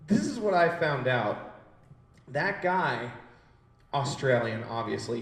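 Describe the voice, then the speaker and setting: Young male stand-up comic, brash, profane, crowd riffing, echoey gallery room. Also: on the high side. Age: 20s. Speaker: stand-up comedian. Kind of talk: stand-up comedy set. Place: gallery space used as a comedy stage.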